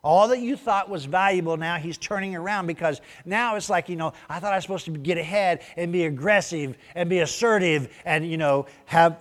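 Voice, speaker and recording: A man preaching a sermon, swinging between loud urging and soft hushed asides, firing rhetorical questions with short punchy answers. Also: on the high side, long reverb tail. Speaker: pastor.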